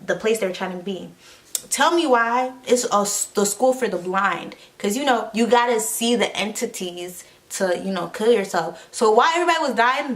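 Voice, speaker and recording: A woman's voice: mid-range voice, a bit bright. A woman vlogger retelling a movie in a slangy, rambling way, full of fillers and sound effects. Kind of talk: casual comedic movie recap.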